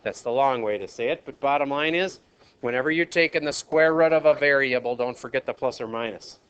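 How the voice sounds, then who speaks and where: A man's voice: medium pitch, fairly quick, fairly bright tone, smooth, muffled recording. A man with a Minnesota accent teaching math in a classroom, asking the class questions and polling the students. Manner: asks the class questions, jokes and polls students. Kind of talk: classroom lecture.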